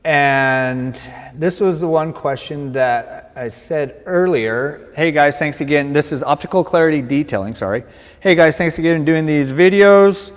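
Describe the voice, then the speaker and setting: A man's voice: on the high side, measured pace, long reverb tail. A man co-hosting a livestream in casual chat, upbeat, reading out viewer comments and joking. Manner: upbeat, reads out comments and jokes.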